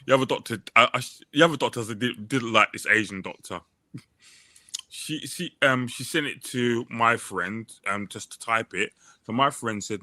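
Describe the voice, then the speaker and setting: A man's voice: mid-range voice, moderate pace, no room sound. A man, hosting a podcast and telling a rambling story in casual chat. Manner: rambling, restarts a lot, animated when telling stories. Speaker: podcast host.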